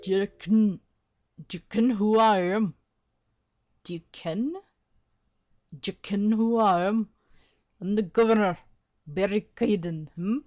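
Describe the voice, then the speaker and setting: A woman voicing a gruff, burly male prison governor with a rough, hostile brogue. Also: mid-range voice, normal speed, few pauses, dark tone, no room sound, lo-fi sound, close to an everyday voice. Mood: cocky.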